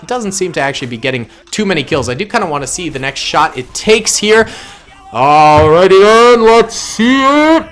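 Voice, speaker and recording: A man talks through a battle simulation in casual gameplay commentary, thinking aloud and correcting himself as he goes. His voice sits fairly high for a man. He reacts quickly to what he sees. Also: a bit bright. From suburban Massachusetts. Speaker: gaming channel host.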